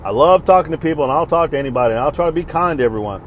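A man's voice: on the high side, animated, racing, a little hiss or hum. Fired-up profane podcaster man. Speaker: podcast host. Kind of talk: casual ranting monologue.

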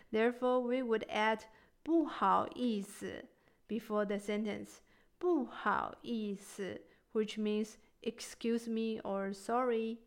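Patient lady teacher going really slow, encouraging, says each word twice. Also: mid-range voice, clean tone. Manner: patient, repeats words slowly for learners; gentle, encouraging. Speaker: language teacher. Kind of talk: scripted language lesson.

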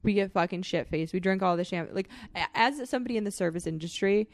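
A young woman co-hosting a podcast, telling wild stories in a profane, animated way and laughing often. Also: mid-range voice, fast, no echo. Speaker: podcast co-host. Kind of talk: casual chat, storytelling.

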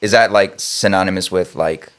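A man co-hosts a casual podcast in a voice pitched a little on the low side. He keeps things loose and easygoing, tossing in jokes and friendly agreement. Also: moderate pace, a bit bright, clean tone. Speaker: podcast co-host.

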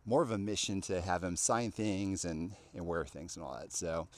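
A man hosting a casual podcast interview, rambling and filling pauses with ums and restarts. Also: sits low, no echo. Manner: rambling, lots of fillers and restarts. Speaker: podcast host.

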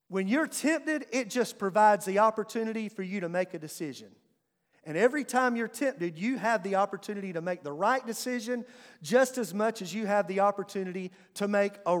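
High-voiced preaching man, long hall reverb. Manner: emphatic, calls on the congregation to respond. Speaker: pastor. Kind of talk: sermon. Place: church sanctuary.

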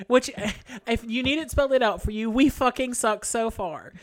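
A woman's voice: a little high, moderate pace. A woman reading an angry email aloud in casual chat, acting it out with profanity and breaking into laughter.

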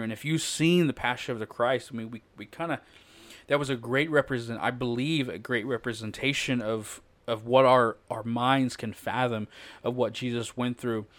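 A man preaching an informal sermon, conversational and halting, with many fillers and restarts, acting out quoted lines. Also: medium pitch, fairly bright tone, dry recording. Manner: acts out quoted lines with raised voice.

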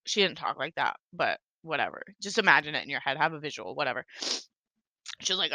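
A woman's voice: deep voice, very animated, fast talker, sharp tone, dry recording. A young woman hosting a casual solo podcast, rambling and swearing a lot. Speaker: podcast host.

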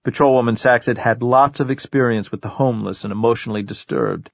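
A man narrates an audiobook in a measured, even storytelling voice of middling pitch. The recording is dry and close, with a slightly dulled top end. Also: vocal fry, no room sound, lo-fi sound. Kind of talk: scripted narration.

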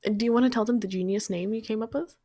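Woman co-host, wry and teasing, slightly high voice, casual chat. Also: steady tone, very fast, warm tone, no echo. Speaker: podcast co-host.

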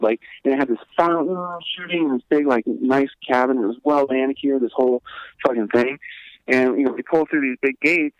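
A man tells a long story as a podcast guest, rambling casually and swearing freely. His voice sits at an ordinary middle pitch, and he fills his sentences with loose fillers. The sound is dry and a little dull, with a lo-fi quality. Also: brisk, no room sound. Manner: rambling, profane, many fillers like "like".

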